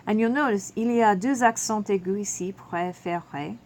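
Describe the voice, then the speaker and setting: A woman's voice: medium pitch, brisk, darkish tone. A woman teaching a French verb lesson to students, explaining each step patiently. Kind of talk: classroom video lesson.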